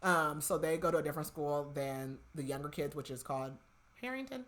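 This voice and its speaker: Here a young female podcast host speaks a little fast in a low voice while recapping a novel casually. She's chatty, leans heavily on "like," and retells scenes using quoted dialogue.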